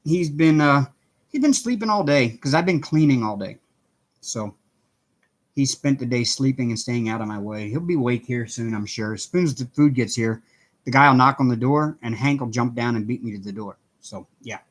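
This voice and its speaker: A man's voice: medium pitch, normal speed. A middle-aged man hosting a casual craft livestream from home, chatting with viewers, greeting them by name and laughing often. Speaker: livestream host.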